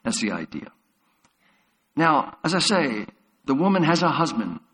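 A man's voice: on the high side, sing-song, unhurried, fairly bright tone. A man preaching a sermon as a pastor, retelling Bible stories vividly. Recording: long hall reverb.

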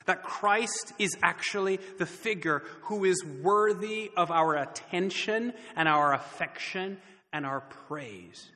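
A man preaches to his congregation with a bright, somewhat high voice, leaning on words and slowing down for emphasis. The sound carries a long reverb from a large church hall. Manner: earnest preaching with dramatic pauses and emphasis. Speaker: pastor. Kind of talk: sermon.

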